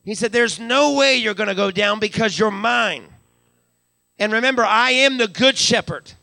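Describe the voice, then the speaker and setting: A high-pitched man with vocal fry and a bright, forceful tone preaches a live sermon as pastor in a church sanctuary at normal speed. His Western Pennsylvania accent shows as he stammers on repeats while building and calls out hallelujah. The recording is dry and studio quality.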